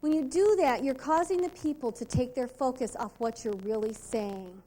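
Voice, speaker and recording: High-pitched emphatic woman sales trainer. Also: moderate pace, mellow. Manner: emphatic, asks the audience rhetorical questions. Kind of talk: motivational sales training talk. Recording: 2002 VHS convention tape.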